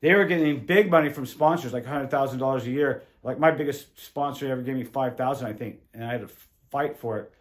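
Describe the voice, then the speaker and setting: A middle-aged man and former windsurfer telling stories casually in an interview, animated and acting out quoted voices. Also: mid-range voice, quick pace. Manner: animated, swearing, acts out quotes.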